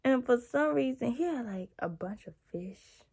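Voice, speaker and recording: A young woman telling a workplace story in a casual, animated, sassy way. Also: fairly high pitch, normal speed, gravelly, breathy edge. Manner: animated, sassy, petty venting with dramatic emphasis. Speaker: vlogger telling work stories.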